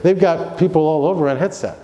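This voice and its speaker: Animated man speaking in an echoey hall. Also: a little fast, muffled recording. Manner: animated storyteller, swings between loud highs and low asides. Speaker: keynote speaker. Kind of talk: motivational keynote talk. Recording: echoey hall, long reverb.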